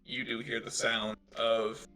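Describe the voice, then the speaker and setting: A man's voice: medium pitch, monotone, a little slow, bright, forceful tone, far from the mic, soft background music, low-quality recording. A man running a tabletop game as game master, narrating casually with jokes and fillers. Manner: casual, joking, many fillers.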